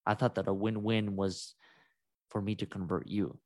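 A man with a low-pitched voice talks over a podcast conversation, reflective and thinking aloud as he goes. The sound is dry and close, with no room echo. His delivery is unhurried and measured. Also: fairly even intonation, a little mellow. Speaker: podcast co-host.

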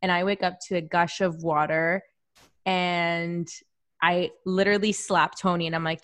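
A woman in her thirties telling a personal story in casual chat, animated and self-deprecating, laughing often. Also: on the low side, normal speed, dry recording.

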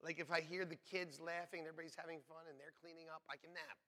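A middle-aged pastor with a fairly high voice preaches very fast in a church sanctuary, telling joking, animated stories punctuated by laughs.

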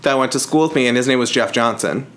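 A man hosts a relaxed book podcast in a playful, joking way. He reads a book blurb aloud and breaks off into laughs. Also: medium pitch, quick pace. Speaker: podcast host. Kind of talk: casual book chat.

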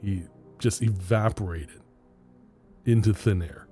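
A man with a low, dark, mellow voice recounts an eerie experience in casual podcast chat. He talks in hesitant bursts and breaks into small laughs, with faint music underneath. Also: slow pace, breathy edge. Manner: rambling, hesitant, laughs between lines. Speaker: podcast host telling a story.

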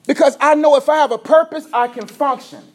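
A man preaching a sermon as a pastor, energetic, dropping from loud to hushed, sometimes stuttering and tripping over his words. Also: very high voice, a little fast.

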